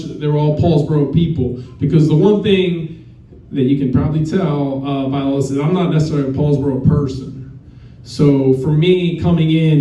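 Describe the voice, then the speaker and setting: A man's voice: a little high, dark tone. A man giving a rambling, self-deprecating hall of fame acceptance speech as a coach. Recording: roomy, distant, muffled.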